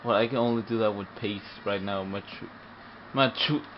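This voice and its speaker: A young man giving live, excitable gameplay commentary, often frustrated and swearing at the game. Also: fairly low pitch, moderate pace. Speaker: gamer. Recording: muffled recording with faint hum.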